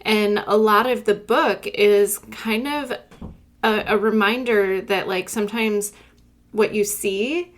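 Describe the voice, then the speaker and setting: A woman in her thirties co-hosting a library podcast in casual chat, reflective and trailing off into quiet asides. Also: mid-range voice, fairly even intonation, slow pace. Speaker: podcast co-host, library staff.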